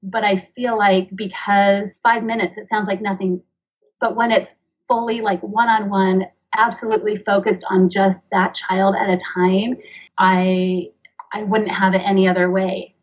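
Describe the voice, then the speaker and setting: A woman's voice: mid-range voice, level tone, unhurried, breathy edge, muffled recording. A woman in her thirties, a mother and author, talking earnestly as a podcast guest, rambling a little as she explains. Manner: earnest, rambling, acts out dialogue. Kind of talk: conversational interview.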